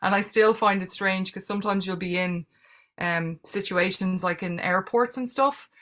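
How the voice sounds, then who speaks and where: A woman's voice: medium pitch, moderate pace, fairly bright tone. A middle-aged Irish woman answering audience questions in a casual, candid and reflective way over a video call. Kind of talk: casual Q&A conversation.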